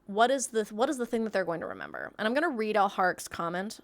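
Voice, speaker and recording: A woman's voice: medium pitch, animated, quick pace. A woman talks through advice for a roleplay group in a loose, conversational way. She rambles, leans on fillers, and laughs lightly as she goes, like an admin teaching her community. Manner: chatty, rambling, many fillers and frequent laughs. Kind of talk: casual instructional talk.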